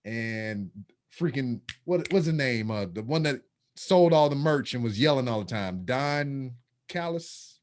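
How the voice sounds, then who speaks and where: Animated, profane male podcast host. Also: mid-range voice, normal speed, a little hiss or hum. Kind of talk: casual chat.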